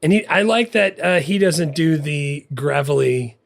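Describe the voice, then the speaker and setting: A man co-hosting a casual movie podcast, animated and laughing often as he quotes scenes. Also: on the high side, a little slow, creaky. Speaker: podcast co-host.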